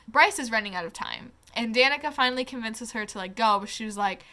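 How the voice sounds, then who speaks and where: A woman's voice: on the high side, brisk, pushed and bright. A young woman giving a casual book review, gushing and emotional, close to tears, with lots of "like" and casual swearing. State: tearing up.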